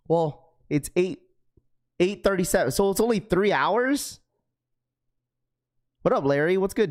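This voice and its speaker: A man's voice: on the high side, darkish tone. Laid-back man on a livestream. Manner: laid-back, many fillers, greets viewers by name. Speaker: livestream host. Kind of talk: casual livestream chat.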